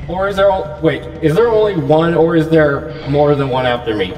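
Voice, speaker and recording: A man's voice: fairly high pitch, moderate pace, darkish tone, echoey room, long reverb tail, far from the mic, faint music behind. A man nervously commenting while playing a horror game, repeating himself as he frets. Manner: anxious, repetitive muttering. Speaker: gaming YouTuber.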